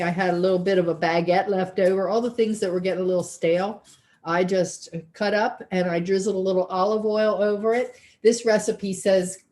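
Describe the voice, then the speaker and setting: Woman, cooking instructor, folksy and chatty, video call audio, mid-pitched. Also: darkish tone, a little hiss or hum. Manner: chatty and folksy, thinking aloud. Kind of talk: online cooking class.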